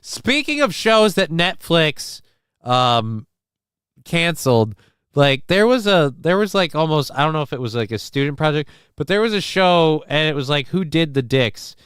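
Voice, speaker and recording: A man's voice: on the high side, sing-song, normal speed, a bit bright, clean tone, no echo, clean studio sound. A man hosting a casual livestream, rambling crudely, reacting to clips and reading chat aloud while feeling sick. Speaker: livestream host.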